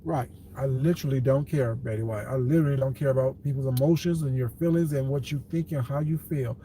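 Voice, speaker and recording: This casual streamer talks fast in a mid-range, dark-toned voice, slight noise in the background. He responds to viewer comments with blunt dismissiveness, calls them baby, laughs frequently, and argues with chat.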